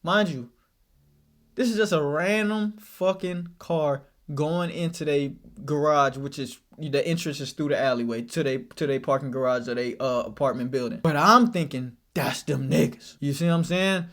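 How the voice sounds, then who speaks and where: Young man, high-pitched voice, casual storytime, animated, slang-heavy, repeats himself. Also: moderate pace. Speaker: vlogger.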